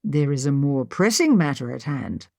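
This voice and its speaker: A woman narrator voicing a cheerful, teasing aristocratic husband in an audiobook, speaking with a lively lilt. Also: medium pitch, moderate pace, gravelly, no echo, studio quality, pitched below the performer's own voice. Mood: playful.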